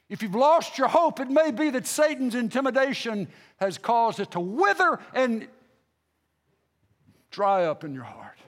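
High-pitched male pastor, fervent sermon delivery with repetitions and sudden drops to a near hush. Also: very animated, measured pace, in a large hall. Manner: impassioned preaching, swinging between loud outbursts and hushed lines; repeats phrases, stammering restarts.

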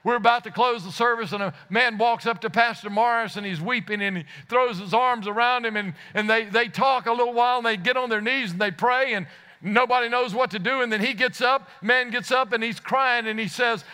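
A man's voice: very high-pitched, brisk, sharp tone, clean tone. A man preaching a sermon, telling a story earnestly and rising to fervent exclamations, often repeating words as he starts a phrase.

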